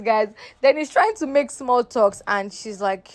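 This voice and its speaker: A woman's voice: fairly high pitch, unhurried, few pauses. Young woman gossiping through a reality show recap, sassy and chatty, talks to "guys". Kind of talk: casual recap commentary.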